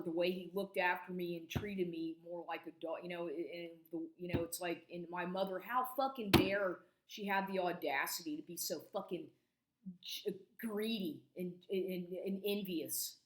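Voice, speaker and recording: A woman in her forties giving an agitated monologue to camera, swearing constantly and stumbling over restarts. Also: lowish voice. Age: 40s. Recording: echoey room recording.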